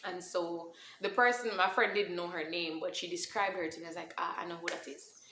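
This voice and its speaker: A woman tells her own story to camera in a lively, conversational way and drifts into patois as she goes. Her voice sits on the low side but has a bright, forceful edge. The recording picks up a roomy echo and a faint hum of ambience behind her. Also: fairly quick. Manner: animated, switches into Caribbean-style patois when emotional. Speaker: vlogger telling a personal story. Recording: echoey room with faint ambience.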